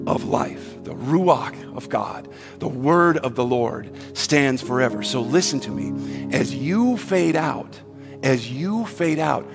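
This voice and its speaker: A pastor delivering a sermon in a casual, conversational way, swinging from hushed asides to loud, emphatic points. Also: male voice, mid-range voice, vocal fry. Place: church sanctuary. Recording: long hall reverb, faint music behind.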